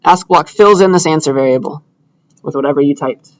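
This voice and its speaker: In a lecture hall, a young man gives a casual computer science lecture, walking students through a coding demo as he clicks and thinks aloud in a chatty way. His voice is on the high side and a little fast, and the recording quality is low.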